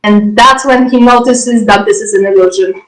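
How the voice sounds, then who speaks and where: A woman narrating a role-play scene as game master, casual and halting. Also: mid-range voice, soft background music, rough recording.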